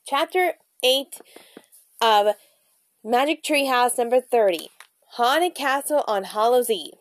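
A woman's voice: sits high, expressive, measured pace, no echo. Bubbly woman reading a storybook aloud. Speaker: storybook reader vlogger. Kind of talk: reading a children's book aloud.

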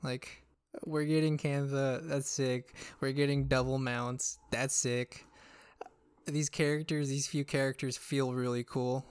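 A man chatting as a guest on a gaming podcast, excitable, laughing and swearing casually. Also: medium pitch, a little slow, clear, resonant tone, dry recording.

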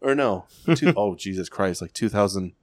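A man's voice: low-pitched, normal speed, dry recording. A young man co-hosting a podcast, telling a long rambling story in casual chat, swearing a lot and acting out what people said. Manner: rambling storyteller, heavy swearing, lively quoted voices. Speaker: podcast co-host.

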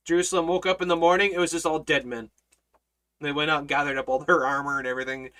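A Bible study teacher in casual teaching, emphatic, swinging from hushed remarks to loud rhetorical questions and repeating phrases for emphasis. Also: medium pitch, fairly even intonation, quick pace.

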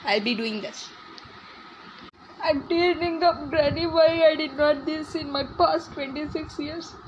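Girl doing a teary young guest in his 20s, gushing thanks, high bright voice. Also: unhurried, lo-fi sound, slight background noise. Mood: moved, grateful. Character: emotional young guest, easily moved.

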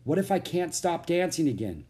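A man's voice: on the high side, sing-song, normal speed, warm tone, pitched above the performer's own voice. Jack, a man voicing a cautious boy. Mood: earnest. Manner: earnest and worried. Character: thoughtful, cautious young boy adventurer. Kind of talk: audiobook character reading.

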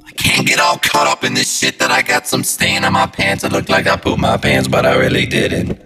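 A man's voice: low voice, big pitch swings, moderate pace, gravelly, few pauses. A man hosting a podcast, rambling and swearing in a half-sung comic monologue through a voice changer app, recorded on a phone. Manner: profane, rambling, jokey. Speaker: podcast host. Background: loud music.

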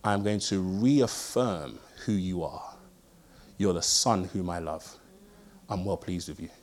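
A young man preaching a sermon, telling stories in an animated way and swinging between loud bursts and hushed lines. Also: low voice, slow. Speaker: pastor.

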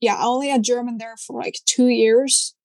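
Her voice sits a touch high and sounds dry and close, with no room around it. A young Dutch woman with a Dutch accent chats animatedly as co-host, her throat slightly sore, her talk full of fillers. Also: normal speed, dry recording. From Netherlands. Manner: animated, chatty, many fillers. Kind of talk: casual chat.

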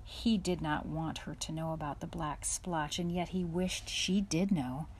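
Lower-pitched woman reading a storybook. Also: fairly even intonation, unhurried, a little mellow, a little hiss or hum. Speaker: audiobook narrator.

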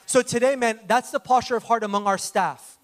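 A man's voice: extremely high pitch, brisk. A man pastor giving an earnest introduction to a guest preacher in church. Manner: earnest, exhorting the congregation. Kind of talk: sermon introduction.

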